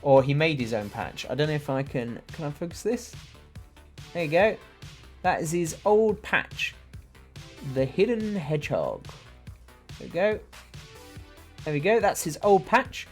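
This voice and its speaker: A man's voice: on the high side, lively intonation, a little slow, long pauses, faint music behind. A young man chatting casually on a livestream, reading viewer comments aloud, rambling with lots of fillers. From England. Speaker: livestream host. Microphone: desk microphone.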